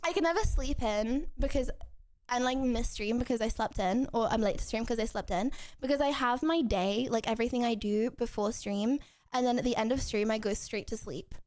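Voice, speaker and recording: A young woman with a bright, high voice chats with her live viewers from home. She rambles, laughs easily and trips over her own sentences as she goes. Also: brisk. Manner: chatty and rambling, with frequent restarts and giggles. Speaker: streamer. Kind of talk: casual chat with viewers.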